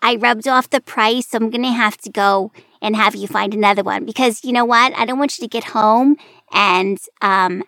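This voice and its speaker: A woman's voice: on the high side, fairly even intonation, moderate pace, a bit bright, dry recording, clean studio sound. A woman putting on a Staten Island accent to play a bossy, talkative female grocery cashier who repeats herself.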